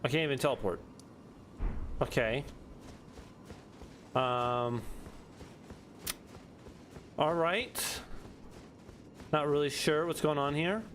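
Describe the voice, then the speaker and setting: A man's voice: fairly high pitch, slow pace, long pauses, a bit bright, slight background noise. A young man streaming a video game, joking and talking back to the characters. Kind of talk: casual gameplay commentary.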